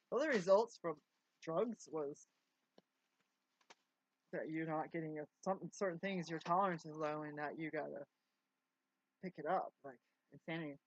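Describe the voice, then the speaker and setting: Talking to camera at home, a middle-aged woman with a lowish voice gives a casual, wandering vlog, hopping between tangents and restarting words. The lo-fi recording is dry and a bit dull, with slight background noise.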